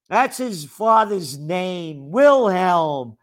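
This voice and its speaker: An older man with a high-pitched voice rants in a scornful commentary monologue. He talks slowly and drags out his words, heaping sarcasm and insults as he goes. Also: expressive. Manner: sarcastic, scornful, name-calling. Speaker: trend forecaster and publisher.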